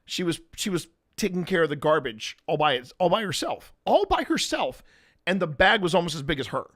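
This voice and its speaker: A man's voice: on the high side, brisk, a bit bright. A man co-hosting a live-streamed podcast, telling a long story in a rambling way with restarts and laughter. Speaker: podcast co-host.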